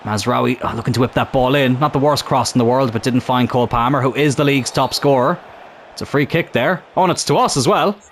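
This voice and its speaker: A man commentating his own football video game match in a casual, chatty way, getting excited at big chances. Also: medium pitch, a little fast, a little hiss or hum. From Ireland.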